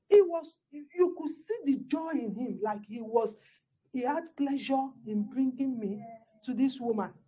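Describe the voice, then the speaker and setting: A woman's voice: high voice, warm tone, slightly rough, highs cut off. A woman pastor, telling a personal testimony in a sermon with exclamations and repeated words.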